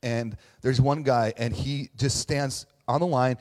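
A man's voice: medium pitch, steady tone, unhurried, darkish tone. Chatty pastor man in a reverberant hall. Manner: chatty, self-deprecating, frequent fillers and "right?". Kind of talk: casual conversational sermon.

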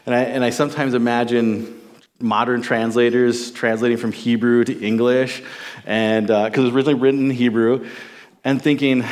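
A Bible teacher in his forties from Minnesota teaches on a psalm at a moderate pace, his mid-range voice level in tone. His sermon style is casual and enthusiastic, conversational, with many restarts.

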